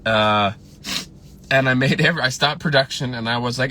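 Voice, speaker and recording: Speaking at a moderate pace in a mid-range, sharp-toned voice, a filmmaker shares memories of a late colleague on a casual livestream. The storytelling is loose and rambling, packed with fillers and false starts, with emotional moments.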